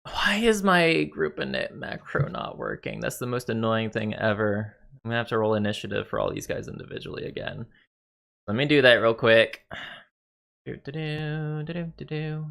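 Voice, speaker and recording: Game master, male, bright tone, loose filler-heavy narration. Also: on the low side, a little fast, vocal fry. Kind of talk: narrating a tabletop game over voice chat.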